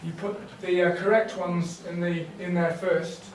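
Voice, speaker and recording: A man leading a teacher workshop, explaining teaching ideas in a relaxed way with fillers and restarts. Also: high voice, unhurried, slight background noise. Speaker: workshop trainer. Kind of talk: teacher training talk. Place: workshop room. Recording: echoey room, distant mic.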